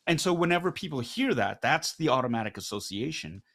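A middle-aged man speaks as an interview guest. His pitch sits in an ordinary middle range, and he argues with energy, throwing out rhetorical questions and tagging his points with "right?". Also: lively intonation, fairly quick, fairly bright tone. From Canada. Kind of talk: candid conversational interview.

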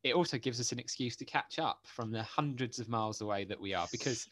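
A young man co-hosting a casual podcast chat from home, ranting in an animated, incredulous way. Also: medium pitch, quick pace. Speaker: podcast co-host. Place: home in Exeter.

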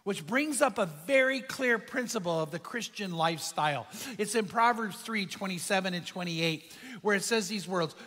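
A man's voice: animated, moderate pace, bright, forceful tone, in a large hall. A man preaching a sermon as pastor, his voice swinging up and down for emphasis. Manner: impassioned preaching, pitch and volume swinging for emphasis.

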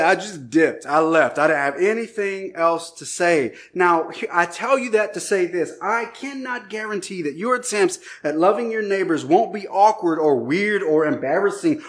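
Guy pastor preaching, kinda high voice, tells his story with lots of energy and acts out the yelling bits. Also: normal speed, few pauses. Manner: animated storytelling, acts out shouted lines. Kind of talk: sermon with a personal story.

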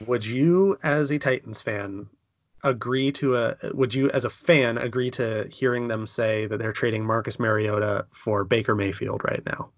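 A man of middle pitch hosts a podcast with a joking, teasing energy and quick bursts of animation. The recording is dry and close, with no room sound around him. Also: steady tone, dry recording, highs cut off. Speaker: podcast host. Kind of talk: casual chat.

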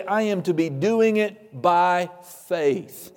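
A man's voice: high-pitched, expressive, takes it slowly, few pauses, a little mellow, in a large hall. A male pastor preaching a sermon, emphatic and repetitive, with folksy humor.

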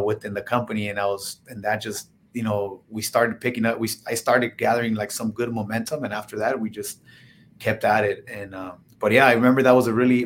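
A man guest on a podcast, telling stories in a casual, filler-heavy way and getting animated when he quotes himself. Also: lowish voice, slight background noise. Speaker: podcast guest, solar salesman. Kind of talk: casual interview storytelling.

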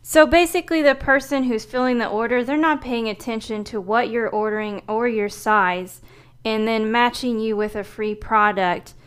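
Woman, smooth clear voice, matter-of-fact, podcast co-host. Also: fairly high pitch, steady tone, normal speed. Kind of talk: casual political commentary.

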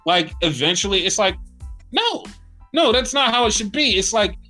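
High, bright-voiced man ranting casually. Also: normal speed, soft background music. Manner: animated, swearing, acts out wrestler rants. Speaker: podcast co-host. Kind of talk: casual wrestling chat.

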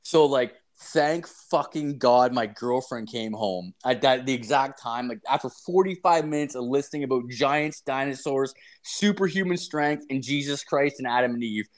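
A man's voice: medium pitch, normal speed, hardly any pauses. A man telling a long story in a casual, rambling way, swearing constantly and sounding exasperated.

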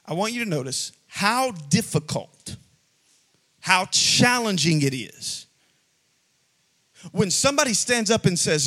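A man preaching a sermon to a congregation, building to shouted, sing-song peaks and dropping to quiet asides. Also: sits high, sing-song, unhurried. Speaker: pastor. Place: church sanctuary before a congregation.

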